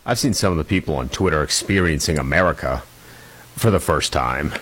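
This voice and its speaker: A man's voice: a bass voice, animated, fairly quick, fairly bright tone, husky. A man co-hosting a sports talk show, joking in casual chat. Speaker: co-host.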